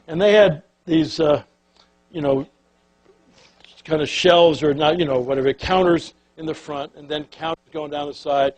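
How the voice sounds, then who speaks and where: Older man telling lively anecdotes, husky. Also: a little high, moderate pace, no room sound, low-quality recording. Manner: animated anecdotes with acted-out quotes. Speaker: keynote speaker. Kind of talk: storytelling keynote speech.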